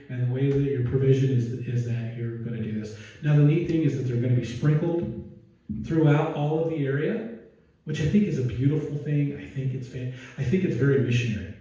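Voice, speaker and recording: A man's voice: medium pitch, dark tone. A male pastor preaching a casual, digressive sermon with joking asides and restarts, heard in a church sanctuary. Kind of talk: conversational sermon. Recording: very echoey room, distant mic.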